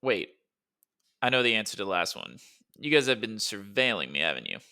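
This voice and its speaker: A male narrator voices a sarcastic young man in a storybook reading. His lines come out quick and dry, and his tone is bright and forceful. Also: lowish voice, big pitch swings, clear, resonant tone, full character voice. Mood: flustered. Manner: sarcastic, talks fast when flustered.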